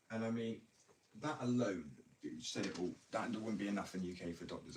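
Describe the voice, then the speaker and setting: A man's voice: fairly low pitch, far from the mic, a little hiss or hum, poor audio. A man in casual, rambling live chat, joking and slangy as he talks about addiction. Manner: chatty, joking, slangy, self-interrupting. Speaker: livestreamer talking about addiction.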